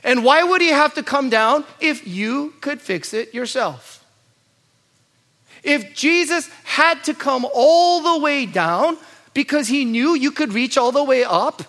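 A male pastor preaching with a high, bright voice. He drops into low, quiet asides, then climbs into loud, urgent pleading. He asks question after question and stacks repeated lines. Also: animated, unhurried. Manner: rhetorical questions and repeated lists. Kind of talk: sermon.

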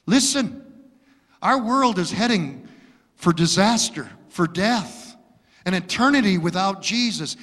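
Man, pastor, impassioned sermon, bright high voice, slow delivery, long hall reverb. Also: expressive. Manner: impassioned preaching with acted-out stories.

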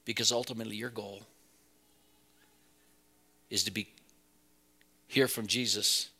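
A man's voice: medium pitch, moderate pace, pauses often, bright, forceful tone. A man preaching a sermon as pastor, earnest and building to emphatic peaks.

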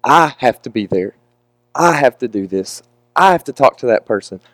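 A man's voice: medium pitch, animated, normal speed, no echo. A young man preaching a candid, emotional, confessional sermon with casual asides.

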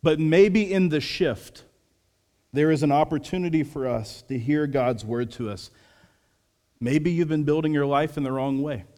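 Preaching with earnest, measured care, a man in his thirties leads a sermon as pastor, his voice on the high side. At times he lowers it to something soft and quiet, and the recording carries a long hall reverb.

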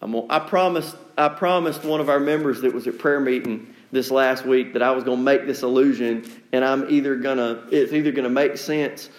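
A man's voice: medium pitch, steady tone, a little fast, few pauses, reverberant. A male pastor preaching a sermon in a conversational, emphatic way, acting out quotes in different voices.

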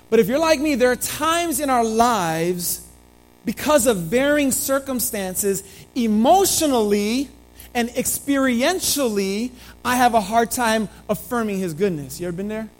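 Slightly hoarse pastor, high voice. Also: male voice, animated, a little slow, faint music behind, poor audio. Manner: earnest, conversational, with frequent restarts. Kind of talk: sermon with opening prayer. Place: church sanctuary.

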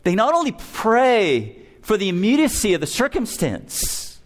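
Casting: male pastor preaching slowly and deliberately, with emphatic stress on key words. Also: high voice, huge pitch swings. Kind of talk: sermon.

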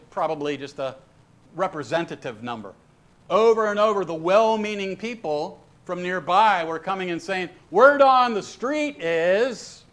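Man preaching a sermon, pushes hard on the big lines, kinda high voice. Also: fairly bright tone. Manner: emphatic, rising to exhortation. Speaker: pastor.

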